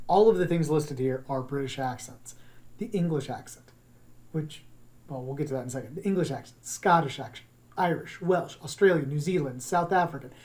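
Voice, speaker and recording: Mellow-voiced teacher giving an encouraging lesson. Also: medium pitch. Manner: encouraging, conversational, demonstrates sounds. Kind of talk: recorded class lesson on accents.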